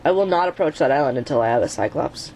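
A woman's voice: very deep voice, expressive, fast, a little mellow, a little hiss or hum. A woman hosting her own gaming channel, giving let's play commentary while she plays, exasperated and swearing at the game, often chanting the same urging words over and over. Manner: chants repeated urging phrases.

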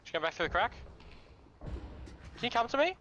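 A man's voice: extremely high pitch, very animated, normal speed, sharp tone, muffled recording. A young man in casual voice chat while gaming, laughing often and pleading with his friends. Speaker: gamer. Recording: noisy game voice chat.

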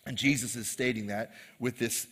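A man's voice: medium pitch, fairly even intonation, moderate pace, a bit bright, slightly rough, big-room sound. A man preaching a sermon to a live congregation, casual and joking in tone. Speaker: pastor. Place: live church service.

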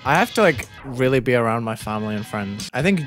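A man's voice: mid-range voice, fast, faint music behind. A young British man talking in a put-on American accent, commentating his own game live on stream and yelping at his deaths. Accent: American, put on over a British one. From Britain. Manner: excitable, yelps and shouts at in-game deaths. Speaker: gaming streamer.

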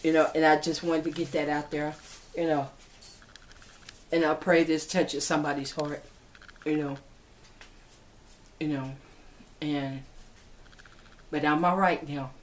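A woman's voice: deep voice, flat delivery, a little slow, pauses often. A woman, crying as she talks heartfelt to her viewers in a personal vlog. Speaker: vlogger.

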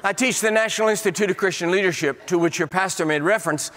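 High-voiced man preaching in an echoing church. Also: quick pace. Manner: animated storyteller, acts out quoted voices. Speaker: guest preacher. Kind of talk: sermon with humorous stories. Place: large church sanctuary. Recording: long church hall reverb.

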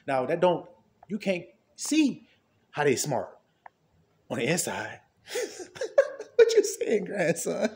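A man preaching an informal sermon in a conversational way, asking rhetorical questions and often laughing, swinging between low murmurs and high exclamations. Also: darkish tone.

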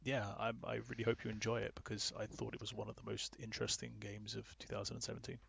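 A man's voice: on the low side, completely flat delivery, quick pace, gravelly, fairly bright tone, husky. A man co-hosting a casual gaming podcast, talking in an earnest, enthusiastic way. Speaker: podcast co-host. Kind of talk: casual chat.

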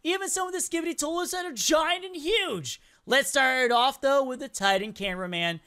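A reaction video host giving excited play-by-play commentary and talking straight to viewers. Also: high-pitched, a little fast. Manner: hyped, exclamatory, talks to viewers.

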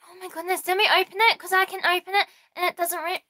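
A helper chatting eagerly and interrupting while opening packages. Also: female voice, extremely high pitch, level tone, fast talker, bright, forceful tone, slight background noise. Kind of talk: casual chat.

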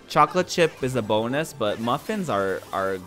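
Male streamer, rambling chat, mid-pitched, faint music behind. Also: very animated, moderate pace, fairly bright tone. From northern Portugal. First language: Portuguese. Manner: chatty, rambling, repeats his words. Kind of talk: casual chat while gaming.

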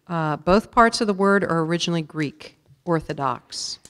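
A woman with a low, deep voice calls out words one by one, saying each clearly and more than once. She reads definitions and sample sentences in a measured, formal tone. Her voice rings with the long reverb of a big school auditorium. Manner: measured, even, repeats each word clearly. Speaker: spelling bee pronouncer. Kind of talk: formal word reading with definitions. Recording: long reverb of a large hall.

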